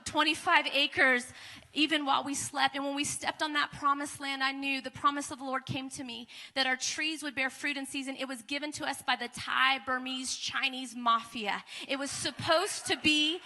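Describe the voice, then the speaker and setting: Bright, high woman telling a church testimony. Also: steady tone, moderate pace, hardly any pauses. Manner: emphatic, repeats phrases, swings from hushed to loud. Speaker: guest speaker, ministry founder. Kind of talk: testimony storytelling at a church service. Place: church sanctuary before a congregation. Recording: long hall reverb of a church.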